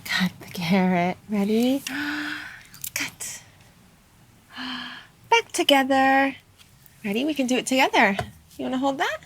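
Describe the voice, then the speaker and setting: A woman's voice: sits high, expressive, slight background noise. Sing-song mother in baby talk. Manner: slow, sing-song and exaggerated. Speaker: parent playing with her baby.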